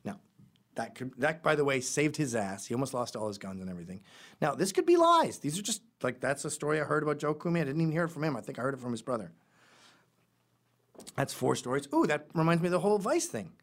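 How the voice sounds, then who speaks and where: A man's voice: on the high side, big pitch swings, fast. A middle-aged man who hosts a show, delivering a blunt, sarcastic and rambling monologue. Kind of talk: opinionated monologue.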